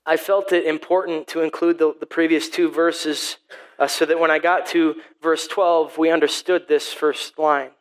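A man's voice: a little high, little pitch movement, moderate pace, low-quality recording. A man in his thirties, a pastor giving a sermon, rambling and repeating words as he tells a family story.

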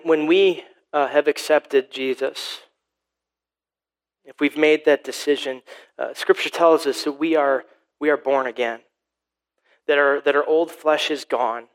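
A man's voice: mid-range voice, clear, resonant tone, poor audio. A man in his thirties, a pastor giving a sermon, rambling and repeating words as he tells a family story.

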